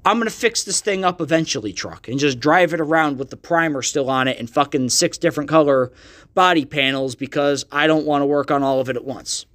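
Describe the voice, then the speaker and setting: A man's voice: on the high side, a little fast, a bit bright. A man from the United States hosting his own podcast, ranting with a lot of profanity in a loose, heated monologue. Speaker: podcast host. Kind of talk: solo podcast rant.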